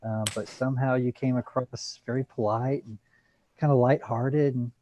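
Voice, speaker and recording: A man's voice: medium pitch, steady tone, normal speed, warm tone, slight background noise. A man who organized a mock trial, giving chatty, enthusiastic feedback with many fillers over a video call. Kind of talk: casual praise and feedback.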